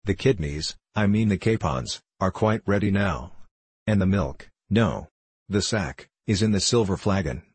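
A man's voice: sits low, expressive, unhurried, husky, dry recording, exaggerated voice. A man voicing a proud, impulsive little girl who talks in a lofty, bossy way, from a storybook. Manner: lofty, bossy play-acting.

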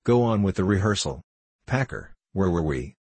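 Low husky voice, man doing a vain temperamental stage star, dry close sound, theatrical. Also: animated, normal speed, darkish tone, dry recording. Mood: exasperated. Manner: icy, theatrical outbursts. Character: pompous, temperamental male star actor. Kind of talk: audiobook character voice.

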